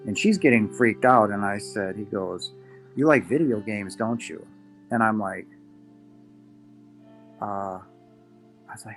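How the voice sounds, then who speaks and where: Earnest man telling a personal story. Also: fairly low pitch. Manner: earnest, halting, many restarts and quoted asides. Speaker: podcast guest.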